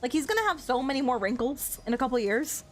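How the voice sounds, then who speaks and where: A young woman with a slightly high voice streams a game and chats excitedly. She gushes and giggles her way through casual commentary. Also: fast talker, faint music behind.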